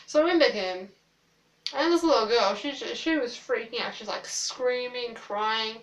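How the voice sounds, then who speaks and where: A woman's voice: on the high side, unhurried, far from the mic. Woman, storytime vlog, chatty and rambling, lots of fillers, casual swearing, roomy sound. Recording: roomy, a little off-mic.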